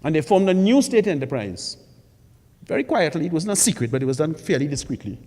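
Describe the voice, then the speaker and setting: A man's voice: a little high, big pitch swings, brisk, mellow. A man speaking as a forum panelist, emphatic and rhetorical, stressing points by repeating them. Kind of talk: public forum speech. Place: college forum hall. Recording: long hall reverb.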